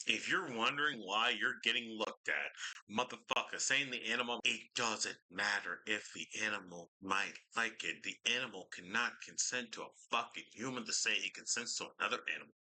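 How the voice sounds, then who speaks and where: A man's voice: lowish voice, fairly quick, bright, forceful tone. A man ranting through a reaction commentary, exasperated and swearing heavily as he picks apart what he reads. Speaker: reaction streamer.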